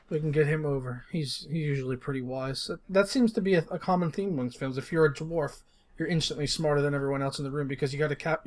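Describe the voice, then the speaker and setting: Young man chatting on a podcast. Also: on the high side. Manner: relaxed, laughs often, swears casually. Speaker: podcast co-host. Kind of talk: casual chat.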